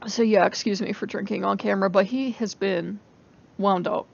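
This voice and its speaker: A woman in a casual vlog, talking on and on, laughing through her exasperation. Her voice has a gravelly fry at mid pitch, and the recording sounds dull and lo-fi. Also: fairly even intonation, moderate pace. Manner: rambling, laughs often, exasperated. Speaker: vlogger. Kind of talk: casual chat to camera.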